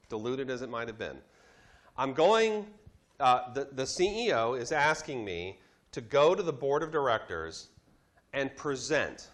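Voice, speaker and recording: A man teaching a class, telling a business story in a lively lecture style, acting out the voices he quotes. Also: mid-range voice. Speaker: instructor.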